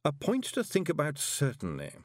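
A man voicing a cool, dry male ruler who speaks in a measured way. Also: on the high side, wildly swooping pitch, no room sound, voice pushed up.

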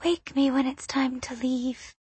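A woman voicing a sleepy, innocent five-year-old girl with a soft, mumbling voice. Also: a little high, expressive, slow pace, slightly rough, dry recording, voice pushed up, exaggerated voice.

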